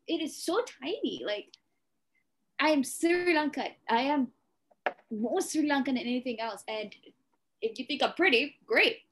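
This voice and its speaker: A woman's voice: high-pitched, a little hiss or hum. Earnest Malaysian woman with a Eurasian accent. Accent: Malaysian English, Eurasian. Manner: earnest, talks in long runs with many "you know"s. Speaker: podcast host. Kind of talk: casual podcast chat.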